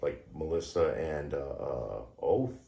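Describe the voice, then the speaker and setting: A man with a very low, gravelly voice speaks haltingly, often trailing off. His pitch still swings widely, and the room gives a roomy echo. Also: animated, mellow. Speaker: guest musician. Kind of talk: casual chat.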